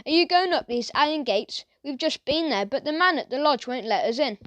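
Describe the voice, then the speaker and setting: A woman's voice: sits high, lively intonation, brisk, fairly bright tone. A woman voicing a clever, cheeky boy detective who talks with innocent politeness in a storybook reading. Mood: polite. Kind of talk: children's audiobook character voice.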